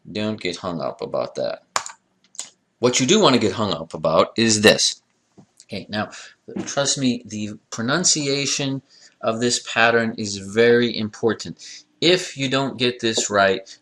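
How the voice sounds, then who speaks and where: Low-voiced man teaching a grammar lecture. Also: fairly bright tone. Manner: wry asides, drills pronunciation aloud. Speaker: Arabic teacher. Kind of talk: recorded classroom lecture.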